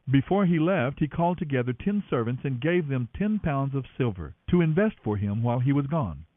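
A man reading scripture aloud in an expressive, dramatic way, giving each speaker a voice. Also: a little high, dry recording. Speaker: Bible reader. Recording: dry, tinny phone-like sound.

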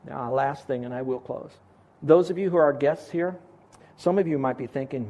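A man's voice: mid-range voice, normal speed, dark tone, highs cut off. A man preaching a sermon as pastor in a church, earnest and pleading with his listeners.

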